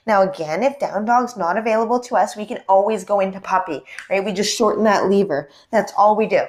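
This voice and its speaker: A young woman leads a yoga class in a gentle, encouraging way, talking through the poses and checking in with questions. Her voice sits at a middle pitch for a woman. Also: fairly quick, hardly any pauses. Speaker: yoga instructor. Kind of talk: guided yoga class instruction.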